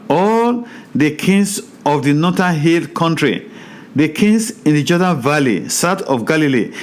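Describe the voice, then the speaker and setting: A man teaching a Bible study in a sermon style, reading scripture aloud and preaching with animated, repeated phrases. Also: on the high side. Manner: slows down over hard place names.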